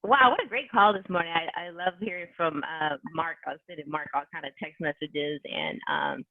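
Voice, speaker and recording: A woman's voice: low voice, moderate pace. A woman closing a team conference call with enthusiastic, rambling motivational talk, full of fillers. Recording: tinny conference call line.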